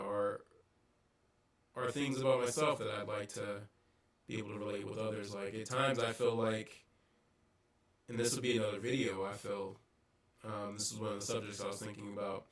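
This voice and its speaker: A man vlogging a casual, reflective monologue, pausing often with ums and restarts, recorded on a distant mic with poor audio. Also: on the low side, fairly even intonation, fairly bright tone. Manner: halting, many ums and restarts.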